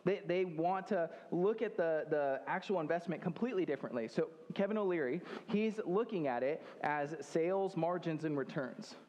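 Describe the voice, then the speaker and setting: A man's voice: a little high, animated, moderate pace, hardly any pauses, darkish tone, lo-fi sound. An American man preaching a sermon as pastor, talking conversationally with joking asides. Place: church hall. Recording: long hall reverb.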